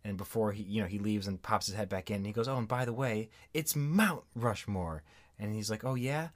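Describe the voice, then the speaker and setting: A man co-hosting a podcast in casual chat, relaxed, correcting his co-host and retelling scenes with quoted lines. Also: fairly low pitch, quick pace. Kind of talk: casual chat recapping a sitcom episode.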